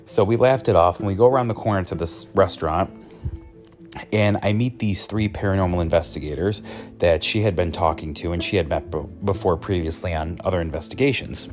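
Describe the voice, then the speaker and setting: Faint music plays behind a psychic medium with a low-pitched voice who speaks fairly quickly. He tells a story casually, chatty and rambling with lots of fillers.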